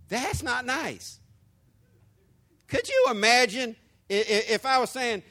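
High-voiced preaching pastor, man. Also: wildly swooping pitch, slow, long pauses. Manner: preaching with shouted peaks and rhetorical questions. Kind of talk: sermon.

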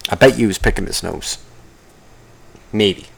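A young man ranting casually about traffic and work, swearing constantly and rambling, now and then mocking others in a higher voice. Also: normal speed, creaky, husky. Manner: profane, rambling, jumps into mocking high-pitched impressions. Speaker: vlogger. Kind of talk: casual rant to camera.

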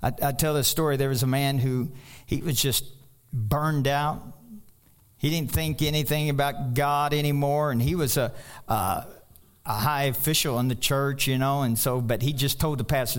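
A man's voice: mid-range voice, steady tone, moderate pace. A man preaching a sermon in a folksy, storytelling way, with joking asides and a voice that climbs when he presses a point. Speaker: pastor.

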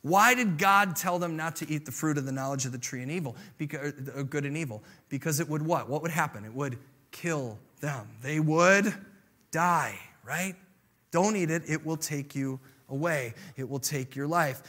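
A man preaching with a high, bright voice that rings out over the congregation. He keeps it lively and playful and pulls the crowd into the story. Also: normal speed. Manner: animated, playful preaching with audience interaction. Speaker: pastor. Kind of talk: sermon.

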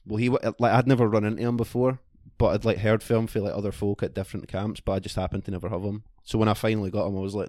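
A man's voice: lowish voice, fairly even intonation, rapid-fire, hardly any pauses, darkish tone, dry recording, studio quality. A man with a Scottish accent telling a rambling, profane anecdote in casual chat with friends.

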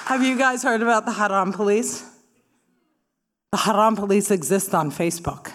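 A woman's voice: medium pitch, normal speed, a faint crowd. A woman from Palestine doing stand-up comedy, punchy and sarcastic, rising to emphatic bursts. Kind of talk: stand-up talk with audience.

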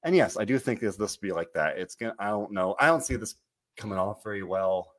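Rambling animated man recapping wrestling. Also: fairly low pitch, fast. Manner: rambling, animated, self-interrupting. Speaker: podcast host. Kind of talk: casual wrestling recap chat.

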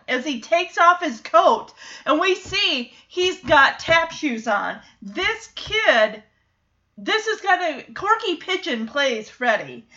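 A woman's voice: extremely high pitch, very animated, slow, bright, forceful tone, dull audio. A woman casually recapping a TV episode, animatedly acting out the characters' lines between laughs.

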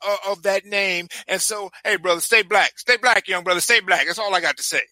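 A man's voice: sits high, fairly quick, bright, forceful tone, no echo. A man co-hosting a podcast, riffing comically with stammering restarts. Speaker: podcast co-host, legal humorist. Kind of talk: casual podcast banter.

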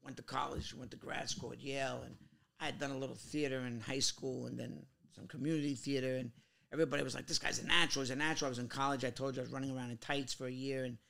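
A middle-aged man from Queens, telling animated stories in a casual interview and acting out other people's voices. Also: mid-range voice, fast talker, creaky. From Queens, New York. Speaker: guest actor.

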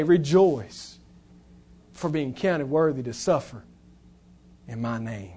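A man preaching a sermon as pastor, moving between hushed, tender passages and loud, impassioned appeals. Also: medium pitch, animated, slow, pauses often, breathy edge.

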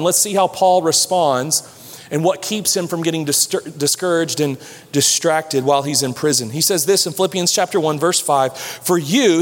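A man preaching a sermon as pastor, animated, dropping low and slow to stress points. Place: large church hall. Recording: long hall reverb.

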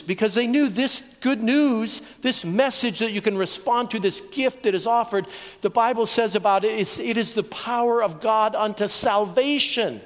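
A man from Oregon preaching his testimony to a live audience, storytelling earnestly with asides to the crowd. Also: high voice. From Oregon, USA. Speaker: evangelist preacher. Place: large hall with an audience. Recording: long reverb from a large hall.

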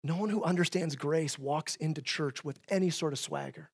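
High-voiced man preaching conversationally. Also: moderate pace, creaky, husky. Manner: conversational preaching with frequent "right?" asides; swings between loud emphatic bursts and quiet, low asides. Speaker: pastor. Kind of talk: sermon.

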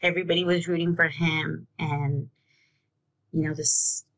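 A woman telling a personal story as an interview guest, halting and repeating herself, saying "like" often. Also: low voice, little pitch movement, fairly bright tone. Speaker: guest, bereaved mother.

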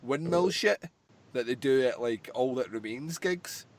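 A man's voice: mid-range voice, expressive, a little slow, dry recording. A man co-hosting a casual movie commentary podcast, jokey and crude, laughing often. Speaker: podcast co-host.

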